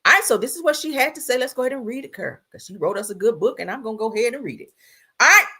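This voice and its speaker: A woman's voice: fairly high pitch, lively intonation, racing, bright, forceful tone, slightly rough. A woman hosting a live stream, giving blunt, sassy gossip commentary and calling her viewers "honey" and "girl.".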